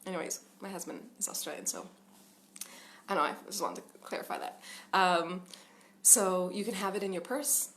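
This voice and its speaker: A woman's voice: on the low side, moderate pace, a bit bright, slight background noise. A woman in her thirties, a parenting coach, talking earnestly and casually with lots of fillers and little laughs. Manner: earnest, chatty, laughs often, many fillers. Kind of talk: casual talking-head advice.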